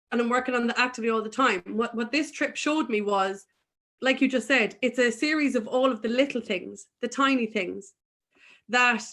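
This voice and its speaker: A woman's voice: a little high, fairly bright tone. A woman guest in an earnest, emphatic spiritual conversation, speaking candidly about her own inner work.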